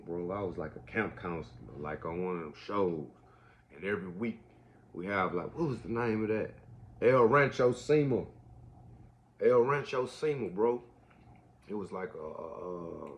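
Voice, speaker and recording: A man's voice: low voice, a little hiss or hum. A man, rambling casually with lots of slang and a slight cough. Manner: laid-back, slangy, says man and bro a lot. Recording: dull lo-fi audio.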